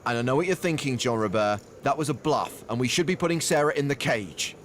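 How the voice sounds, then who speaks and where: A man giving play-by-play commentary on a poker game in a lively, teasing way. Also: mid-range voice, a little fast, slight background noise.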